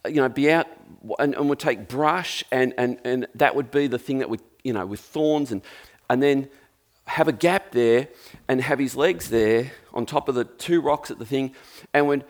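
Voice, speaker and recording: A man's voice: medium pitch, moderate pace. An Australian man preaching a sermon in a conversational, jokey storytelling manner.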